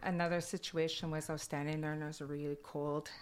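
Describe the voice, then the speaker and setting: A woman with a Kwakwala-influenced accent in her English tells stories in an animated, casual way, slipping in plenty of "like." Her voice sits a little low for a woman, and her laughter comes readily. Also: fast talker, clear, resonant tone. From Alert Bay, British Columbia, Canada. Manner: animated, laughing often, uses "like" a lot. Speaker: interviewee. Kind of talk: casual storytelling.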